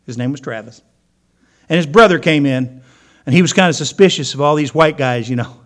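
A man's voice: on the high side, brisk. A man preaching a sermon, telling stories and acting out the people in them. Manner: storytelling, acting out quoted voices. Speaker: pastor.

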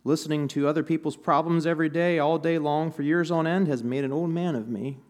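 A man's voice: fairly high pitch, steady tone, fairly quick, a little mellow, natural voice. A man voicing a weary, worn-out older psychiatrist in a joke he tells during a sermon.

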